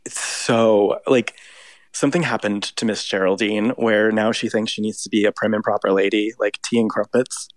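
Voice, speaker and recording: A man's voice: lowish voice, steady tone, normal speed, dry recording. A man co-hosting a casual pop culture podcast, chatty and full of "like" fillers. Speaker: podcast co-host. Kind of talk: casual chat about pop music.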